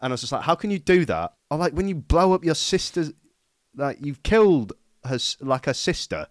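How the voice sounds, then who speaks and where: A man co-hosting a casual film podcast, rambling with many restarts and quick laughs. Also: a little high, lively intonation, no echo, clean studio sound. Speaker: podcast co-host.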